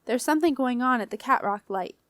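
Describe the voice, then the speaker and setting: A woman's voice: on the high side, expressive, brisk, no room sound, lightly acted. A woman voicing an earnest, uneasy young man who speaks hesitantly and apologetically.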